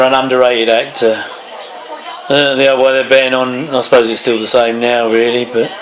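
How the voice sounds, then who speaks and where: A man's voice: mid-range voice, fairly bright tone, slight background noise, low-quality recording. A man giving casual movie commentary, full of chatty wry asides and chuckles. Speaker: film commentator.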